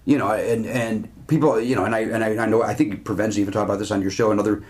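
A man in his fifties, a comedian guest, talking in a fast, animated, run-on way on a podcast. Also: on the low side. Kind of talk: casual podcast chat.

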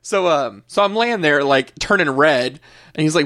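A man in his thirties, a podcast co-host, telling a story in a casual, animated way and laughing often. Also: fairly high pitch, quick pace.

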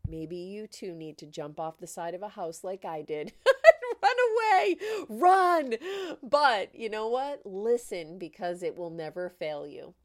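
A woman with a fairly low voice talks casually into the mic. She tells her story with plenty of animation, slips into the voices of the people in it, and laughs often. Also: moderate pace, few pauses. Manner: animated, laughing, acts out quoted dialogue. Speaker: podcast host.

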